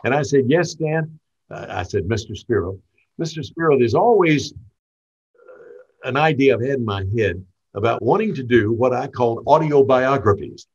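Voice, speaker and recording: A man's voice: mid-range voice, measured pace, lo-fi sound. An older man from Tennessee with a light Southern accent, a veteran radio host telling stories in an interview and acting out the quoted lines. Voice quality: smooth, polished broadcaster delivery. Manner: animated, acts out quoted dialogue. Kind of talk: storytelling reminiscence.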